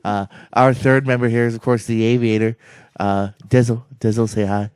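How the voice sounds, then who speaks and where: A man's voice: mid-range voice, flat delivery, normal speed, darkish tone, smooth, no room sound, studio quality. A man co-hosting a casual podcast, joking and sarcastic in his banter. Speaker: co-host.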